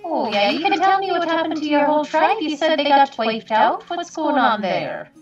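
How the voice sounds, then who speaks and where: Chatty kind woman player; high, animated; roomy, distant, dull recording. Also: moderate pace, faint music behind. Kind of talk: tabletop game role-play.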